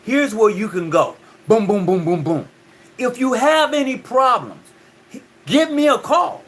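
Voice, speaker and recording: A man's voice: sits high, lively intonation, a little slow, voice pushed up. A man putting on the voice of a friendly, proper-spoken woman who is chatting on the phone. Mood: friendly helpful.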